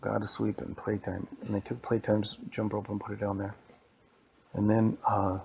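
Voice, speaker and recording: Gravelly man telling a rambling story. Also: fairly low pitch, monotone, a little slow, long pauses, darkish tone. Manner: casual, rambling, repetitive telling. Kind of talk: improvised bedtime-style storytelling.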